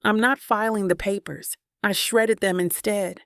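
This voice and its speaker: A woman narrator voicing a tender, apologetic young husband in an audiobook, speaking softly and sincerely. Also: medium pitch, fairly even intonation, measured pace, no room sound, clean studio sound, close to an everyday voice. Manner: soft, sincere, pleading. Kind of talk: audiobook character voice.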